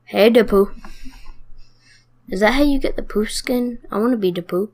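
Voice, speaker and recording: A woman's voice: mid-range voice, moderate pace, a little mellow. A woman giving casual let's play commentary, chatting and playfully trash-talking her opponents. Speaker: gamer.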